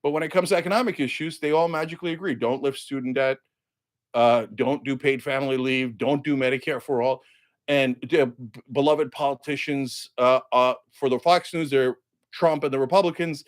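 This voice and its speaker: At a moderate pace, a man hosting a show offers indignant, sarcastic political commentary. He ridicules the people he quotes and lands key words with loud, high emphasis.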